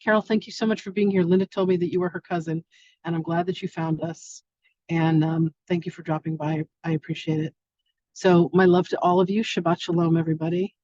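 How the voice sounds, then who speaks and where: A woman's voice: lowish voice, darkish tone, no room sound. Effusive spiritual teacher woman, dull lo-fi sound. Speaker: spiritual teacher hosting an online masterclass. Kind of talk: casual live-stream chat. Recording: dull lo-fi stream audio.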